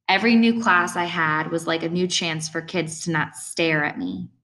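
A woman narrating an audiobook in a measured, gentle reading voice. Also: sits low. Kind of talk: scripted narration.

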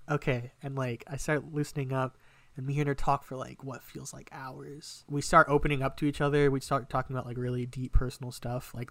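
A man's voice: mid-range voice, fairly bright tone, no room sound. A young man casually telling a long story on a podcast, rambling and swearing a lot. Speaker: podcast co-host.

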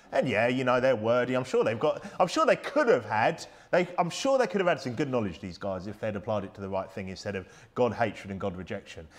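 Male British preacher, emphatic and conversational, a bit high and very animated in pitch. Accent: British English. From United Kingdom. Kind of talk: sermon.

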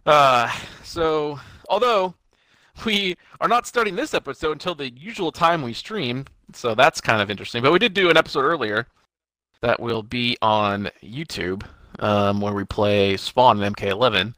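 A man's voice: medium pitch, moderate pace, sharp tone, no echo. A young man co-hosting a podcast from home, rambling and swearing in casual chat. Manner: swearing, laid-back rambling. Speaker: podcast co-host.

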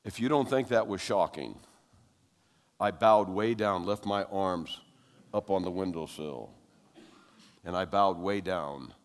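An older man preaching, telling a personal testimony in a conversational storytelling manner that builds to loud, animated passages. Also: low-pitched, takes it slowly, pauses often. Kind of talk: sermon storytelling. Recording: long reverb of a large hall.

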